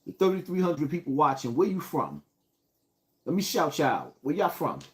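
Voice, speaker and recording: A man's voice: on the high side, huge pitch swings, moderate pace. A man from the Bronx, hosting a casual live stream and hyping up his viewers. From Bronx, New York. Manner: hyped, calls out viewers by place. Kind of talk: casual livestream talk.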